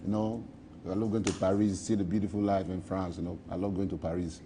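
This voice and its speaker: A man's voice: deep voice, level tone, fast, noisy background. A Nigerian man in a street interview, rambling playfully and boasting, repeating his phrases.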